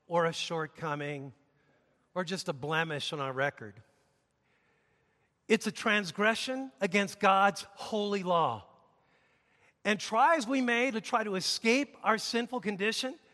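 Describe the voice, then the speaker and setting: A man preaching a sermon, telling an everyday story and then building to loud, emphatic declarations before a congregation. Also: high voice. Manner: storytelling, rising to forceful emphatic shouts. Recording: long reverb of a large hall.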